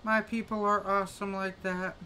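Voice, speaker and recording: A man's voice: sits high, little pitch movement, normal speed, pushed and bright, slight background noise. A man grumbling casually to his live-stream chat while he plays a game, with exasperated little rants.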